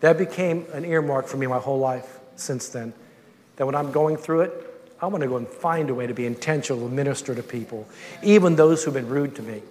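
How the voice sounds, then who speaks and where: A man's voice: mid-range voice, fairly quick, a little mellow, big-room sound. A man preaching a sermon, telling a personal story with many repeated words and restarts.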